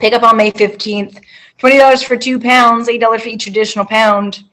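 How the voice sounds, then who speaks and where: A playful woman co-hosting a casual local food news show, with a jokey, easygoing delivery. Her voice is a little high. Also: little pitch movement, brisk, a bit bright, poor audio. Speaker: podcast co-host.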